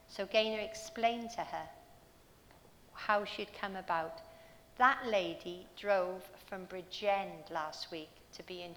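A woman's voice: medium pitch, fairly bright tone, in a large hall, slight background noise. A woman preaching a sermon in a church, telling stories earnestly and asking her listeners rhetorical questions.

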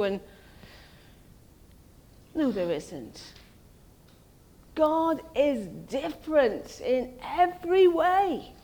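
A woman's voice: sits high, darkish tone. A woman preaching a sermon in a conversational way, often ending her points with tag questions.

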